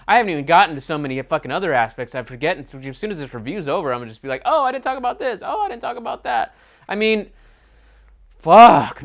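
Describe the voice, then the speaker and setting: A man's voice: a little high, fairly bright tone. A man hosting an angry movie review, ranting in a furious, sweary, exasperated way.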